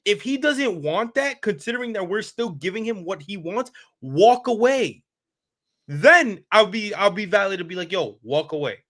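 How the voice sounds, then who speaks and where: A man co-hosting a sports talk show who gets loud, swears and repeats himself as he argues his point. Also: high voice, animated, normal speed. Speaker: podcast co-host.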